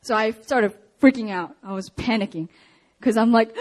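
Woman, young adult, preacher, sermon, personal storytelling, higher voice. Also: moderate pace. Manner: animated storytelling with laughs and acted-out quotes.

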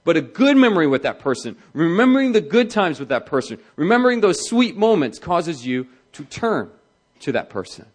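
A male pastor preaching in a lively, conversational manner. His voice sits a little high, and his pitch swings widely as he drives his points home and slips into the voices of the people he quotes. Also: moderate pace. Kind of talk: sermon on marriage.

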